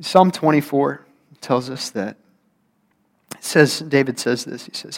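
Young adult man, pastor, casual sermon, chatty preaching, fillers, mid-pitched voice. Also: unhurried, gravelly, long pauses. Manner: conversational, acts out whiny voices, grows heated.

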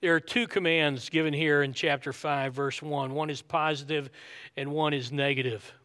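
A man's voice: fairly high pitch, steady tone, moderate pace, pushed and bright. A man preaching a sermon, earnest and emphatic, repeating his key points. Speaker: pastor.

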